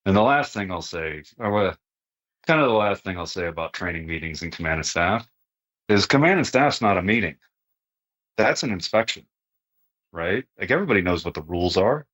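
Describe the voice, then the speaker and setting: Deep-voiced man talking shop casually. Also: lively intonation, brisk, fairly bright tone. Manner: plain-spoken, peppers talk with "right?" and "like". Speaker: podcast guest, retired army sergeant major. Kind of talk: casual conversational interview.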